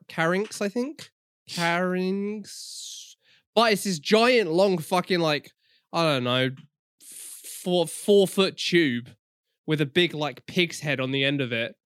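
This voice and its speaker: A young man co-hosting a podcast, chatting casually, swearing a lot and getting loud when excited. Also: a little high, clean tone, no echo, studio quality. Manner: profane, excitable, swings loud. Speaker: podcast co-host. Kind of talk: casual chat.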